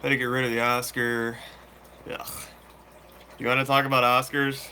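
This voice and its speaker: A man hosting a fishkeeping channel, chatting casually and answering viewer questions live in a relaxed, slangy way. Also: medium pitch, a little slow, pauses often, slight background noise. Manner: laid-back, slangy, chatty. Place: room full of fish tanks.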